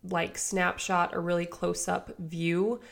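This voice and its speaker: A woman with a hoarse voice from a cold, hosting a podcast as a life coach and chatting straight to her listeners. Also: lowish voice, little pitch movement, slow pace. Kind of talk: casual solo podcast talk.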